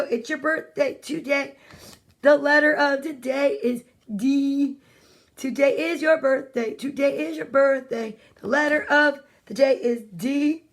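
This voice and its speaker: Reading children's storybooks live from home, a woman with a high, steady, unhurried voice is playful and chatty. Between pages she greets viewers by name and exclaims over the pictures.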